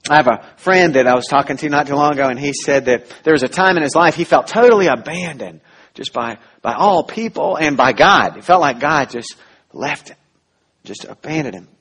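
A man preaching a sermon as pastor, earnest and full of restarts, rising to loud emphasis and dropping to soft, quiet lines. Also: fairly high pitch, animated, a little fast, breathy edge.

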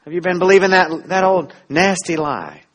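A man preaching a sermon as pastor, earnest and full of restarts, rising to loud emphasis and dropping to soft, quiet lines. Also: high-pitched, normal speed.

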